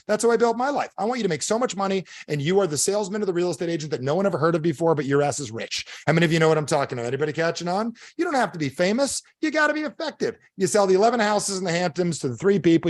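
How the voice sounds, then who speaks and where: A rapid, emphatic man in middle age lectures an online audience, firing question after question at them. His voice sits a bit high for a man, and the sound is close and dry with no room echo. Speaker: motivational speaker. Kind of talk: live online coaching talk.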